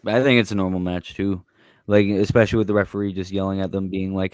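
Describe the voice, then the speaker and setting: A man's voice: low voice, level tone, fast talker, a little mellow, smooth, no room sound, studio quality. A man co-hosting a casual live reaction chat, wisecracking in short quips. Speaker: co-host.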